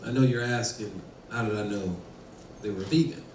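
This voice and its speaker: A man doing a stand-up set with a dry, quick delivery. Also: fairly low pitch, a little mellow. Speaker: stand-up comedian. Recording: roomy, distant, faint noise.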